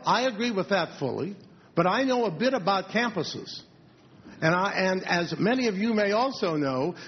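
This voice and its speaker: Measured man answering on a panel. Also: sits high. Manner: measured, hesitant with fillers. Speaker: panel speaker. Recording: dull lo-fi recording with faint noise.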